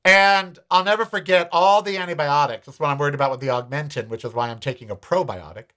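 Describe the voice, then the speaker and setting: A man's voice: a little high, fast, a bit bright. An American man hosting a show, telling a personal story and ranting bluntly with profanity. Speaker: host. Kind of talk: opinionated monologue.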